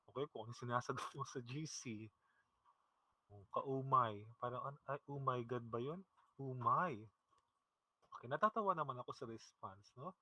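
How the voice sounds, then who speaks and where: Brief: Filipino male teacher, online math lesson, bright dry sound, casual, checks in often. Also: mid-range voice, normal speed, pauses often, no room sound, rough recording. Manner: mixes English and Tagalog, often checks with "okay? no?". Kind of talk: online class lecture.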